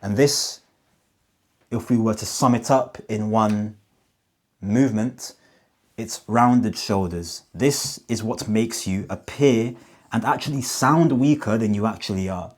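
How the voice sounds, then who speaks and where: Communication coach, male, lowish voice, emphatic, deliberate pauses on key points. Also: a little mellow. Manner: emphatic, slows down on key phrases; demonstrative, asks rhetorical questions. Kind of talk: direct-to-camera coaching talk.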